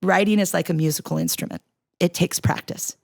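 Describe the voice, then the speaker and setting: A woman, a writing professor and tutor, chatting casually on a podcast and telling lively stories. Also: lowish voice, a little fast, creaky, no room sound, studio quality. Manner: animated storyteller, puts on voices when quoting.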